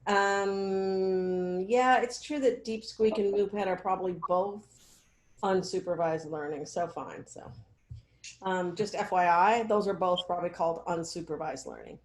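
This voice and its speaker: A woman talks through feedback on a video call, her voice slightly low and the room echoey. She rambles, fills pauses with "um" and "you know", and keeps asking whether her listeners follow. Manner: rambling, filler-heavy, checks in often. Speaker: research mentor. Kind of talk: casual meeting feedback.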